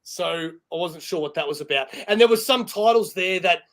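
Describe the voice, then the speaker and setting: A man co-hosting a casual podcast chat, telling an animated story and laughing often. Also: sits high, normal speed. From Australia. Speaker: podcast co-host.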